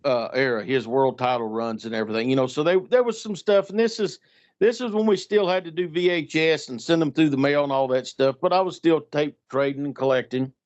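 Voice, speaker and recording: On a dull lo-fi recording, a middle-aged man speaks brisk and fairly high as he tells a story in casual chat. The guest storyteller is animated, taking on the voices of the people in his anecdote.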